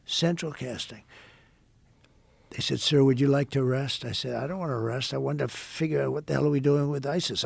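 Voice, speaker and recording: An older man from the United States, a podcast guest, telling a rambling, repetitive story and acting out quoted dialogue in a hushed voice. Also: mid-range voice, creaky, husky, no echo. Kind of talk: casual storytelling in an interview.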